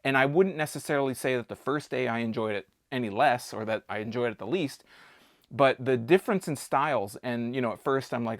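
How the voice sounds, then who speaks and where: A man's voice: medium pitch, fairly quick, no echo, studio quality. A man reviewing a beer in a casual vlog, chatty and jokey, rambling with frequent restarts.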